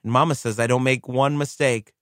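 A man's voice: mid-range voice, steady tone, fairly quick, fairly bright tone, dry recording, close to an everyday voice. Heartfelt blind little girl writing to gramps, as a man reads her letter, dry close sound. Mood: earnest, pleading. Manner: eager, wondering, heartfelt.

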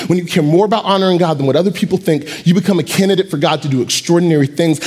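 High husky-voiced male preacher. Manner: animated storytelling with acted-out voices. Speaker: pastor. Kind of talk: sermon.

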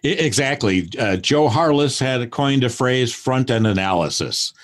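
A man's voice: mid-range voice, lively intonation, a little slow. Thoughtful older man telling stories. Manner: thoughtful, acts out quoted dialogue. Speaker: podcast guest, performance consultant. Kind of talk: casual interview talk.

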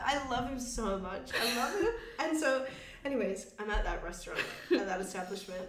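A woman's voice: on the high side, expressive, moderate pace, roomy sound, slight background noise. A young woman, a comedian co-hosting a podcast, chatting casually and telling stories with frequent laughter. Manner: chatty storyteller, laughs often.

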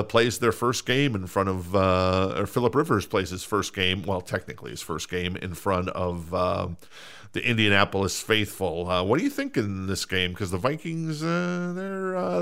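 Low-voiced Minnesota man hosting a podcast. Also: fairly bright tone, smooth. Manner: hesitant, many "uh" fillers and restarts. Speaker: podcast host. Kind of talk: casual sports podcast chat.

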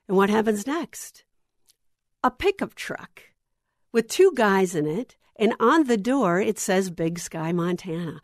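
A middle-aged woman giving a sermon to women, telling a personal story with lively acted-out dialogue. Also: medium pitch, measured pace, no echo, studio quality. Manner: animated storyteller, acts out dialogue. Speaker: women's ministry speaker.

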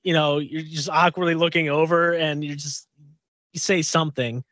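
A man's voice: a little high, fairly even intonation, normal speed, fairly bright tone, no echo. A middle-aged man co-hosting a casual radio show chat, rambling and restarting as he acts out little quotes. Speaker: co-host.

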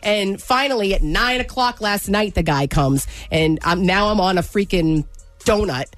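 Female co-host, animated storyteller, heavy on "like". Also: mid-range voice, normal speed, no echo. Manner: animated, rambling, many "like" fillers. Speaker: radio co-host. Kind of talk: casual storytelling chat.

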